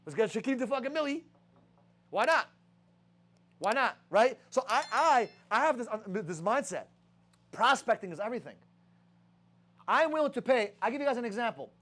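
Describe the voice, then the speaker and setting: High-pitched swearing young sales boss. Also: male voice, expressive, moderate pace, long pauses, a bit bright. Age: young adult. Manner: rhetorical questions, heavy swearing. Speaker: sales team leader. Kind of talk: profane motivational sales talk.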